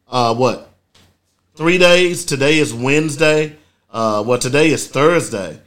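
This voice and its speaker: A man's voice: medium pitch, a bit bright. A middle-aged man hosting a casual solo talk show, speaking in an emphatic, preachy way, often checking in with "okay?". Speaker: host.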